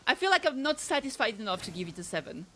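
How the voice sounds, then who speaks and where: A woman with a light French accent chats casually with her stream viewers. Her voice is bright and clear. She rambles, restarts sentences and fills the gaps with ums. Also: a little high, big pitch swings, fast talker, a little hiss or hum. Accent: slight French. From France. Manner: chatty, rambling, many fillers and restarts.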